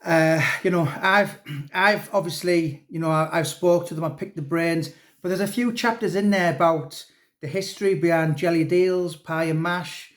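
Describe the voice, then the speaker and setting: A man with a somewhat high voice chats in a loose, rambling way. He restarts his sentences often and tacks on fillers as he goes. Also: moderate pace. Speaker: author. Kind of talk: casual chat.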